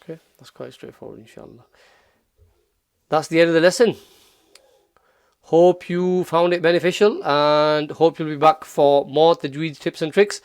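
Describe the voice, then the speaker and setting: Guy doing a recitation lesson, smooth clear voice, repeats each sound slow, super dry mic. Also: fairly high pitch, fairly even intonation, no echo. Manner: patient, repeats sounds slowly to demonstrate. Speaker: Quran recitation teacher. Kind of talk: relaxed tutorial, modelling Arabic phrases slowly.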